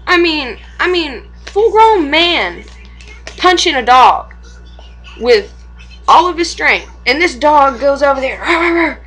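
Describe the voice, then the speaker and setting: Slow-talking young mom, bright voice. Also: female voice, sits high, big pitch swings, faint music behind, low-quality recording. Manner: rambling, swears freely, laughs often. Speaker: mother. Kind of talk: casual home vlog chat.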